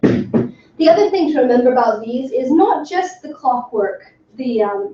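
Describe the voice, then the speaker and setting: A woman lecturing to a room full of people, her voice higher than usual yet mellow in tone. She talks with eager emphasis and fills her pauses with ums. Her voice comes from some distance away in an echoey room, on a dull recording with faint noise behind it. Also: expressive. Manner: enthusiastic, emphatic, with frequent ums. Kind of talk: academic talk to a workshop audience. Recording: far from the mic in an echoey room, dull and slightly noisy.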